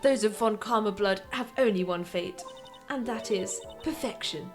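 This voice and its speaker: A woman's voice: medium pitch, moderate pace, music in the background, close to an everyday voice. A woman voicing an arrogant young female prosecutor in a posh put-on voice, speaking in a cold, haughty, clipped way. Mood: threatening.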